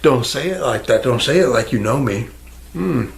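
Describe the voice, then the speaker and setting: Gravelly, rambling man ranting to camera. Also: mid-range voice, animated, moderate pace. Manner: rambling, crude, self-mocking, talks to the viewer. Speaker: YouTuber. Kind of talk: rambling casual vlog monologue. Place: indoors at home, near a fish tank. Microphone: camera microphone.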